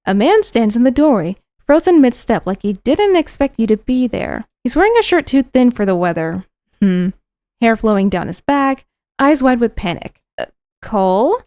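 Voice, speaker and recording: A young woman with a somewhat high voice reads a visual novel aloud, stopping often for giggly, teasing comments. Her sound is dry and close to the mic. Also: big pitch swings, normal speed, a little mellow, no echo. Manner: giggly, teasing asides between narration. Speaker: streamer. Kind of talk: reading and reacting to a visual novel.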